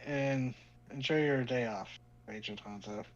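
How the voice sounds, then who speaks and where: A woman's voice: rumbling low, measured pace, slight background noise. A man playing a cool, guarded woman federal agent who smokes, speaking in a clipped, wary way over a dull lo-fi line.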